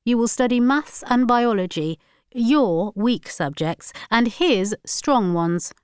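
A woman's voice: on the high side, animated, slow pace, smooth, no echo, studio quality, voice pushed up. A woman voicing a stern school headmistress who lectures firmly, in a read-aloud story. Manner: firm, lecturing.

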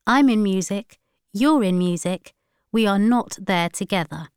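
A woman voicing an impatient, sharp-tongued teenage schoolgirl in a read-aloud story. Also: mid-range voice, animated, measured pace, dry recording, studio quality, pitched above the performer's own voice, natural voice. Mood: snappy. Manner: impatient, snappish.

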